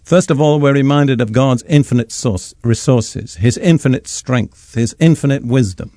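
Slow, measured male preacher. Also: medium pitch, a little mellow, dry recording, studio quality. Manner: slow, measured scripture reading. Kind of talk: radio sermon teaching.

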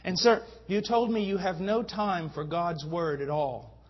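Husky, fervent male preacher. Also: sits high, lively intonation, unhurried. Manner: fervent preaching, rising to emphatic peaks. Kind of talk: sermon. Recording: dull lo-fi sound.

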